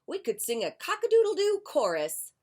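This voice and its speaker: A woman's voice: sits high, wildly swooping pitch, normal speed, a little mellow, voice pushed up. A woman voicing an eager, showy rooster in a children's book reading.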